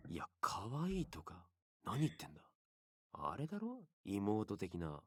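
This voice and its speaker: A man voicing a gruff young male love interest in a game, blunt and curt. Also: deep voice, wildly swooping pitch, a little fast, fairly bright tone, no room sound, clean studio sound, exaggerated voice. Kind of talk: game voice acting.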